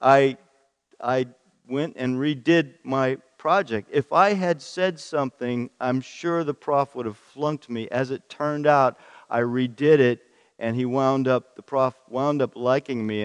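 A man preaching a sermon to a congregation, emphatic and rising in pitch to stress his points as he reads scripture aloud. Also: smooth. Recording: long reverb in a hall.

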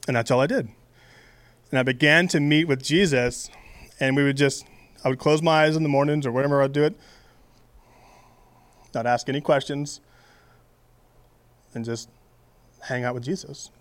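A man's voice: medium pitch, no echo. A man giving a casual, conversational sermon in a playful way, full of asides and fillers. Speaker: preacher.

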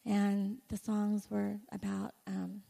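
A woman speaker giving an animated personal testimony to a conference audience, full of "like" fillers. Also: medium pitch, slow pace, gravelly. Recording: echoey hall reverb.

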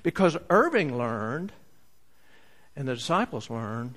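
A man preaching a sermon, telling a story with big swings from loud to soft. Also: a little high, a little slow. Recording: long hall reverb.

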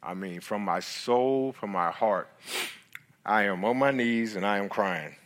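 Middle-aged male guest speaker, lower voice, earnest halting sermon testimony. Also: a bit bright. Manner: halting, earnest storytelling with many restarts.

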